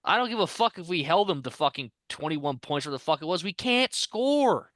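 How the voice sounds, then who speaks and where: A man's voice: on the high side, big pitch swings, normal speed, a bit bright, no room sound. A man from Ohio, co-host of a podcast, ranting casually with lots of swearing and frustration.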